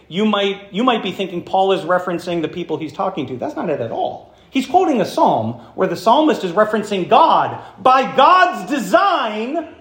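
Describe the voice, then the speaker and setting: A man preaching a sermon to a congregation in a church hall, animated and emphatic, often asking the room questions. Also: high-pitched. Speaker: pastor.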